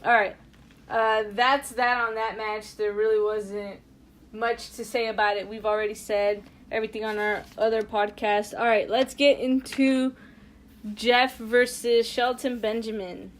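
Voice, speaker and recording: A woman co-hosting a podcast in casual chat, chatty and animated, with many fillers and restarts. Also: a little high, measured pace. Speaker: podcast co-host.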